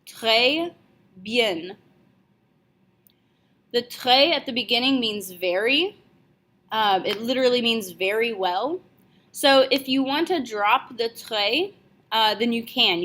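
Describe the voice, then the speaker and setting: A young woman teaching a French lesson, speaking clearly and slowly repeating each phrase. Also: a little high, fairly bright tone. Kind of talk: video language lesson.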